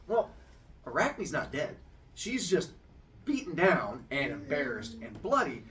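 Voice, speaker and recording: A man retelling a story in a casual, animated way, acting out the voices and sound effects as he goes. His voice is bright and swoops a lot, and a bit on the high side. It sounds a little distant from the mic. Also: measured pace, slight background noise.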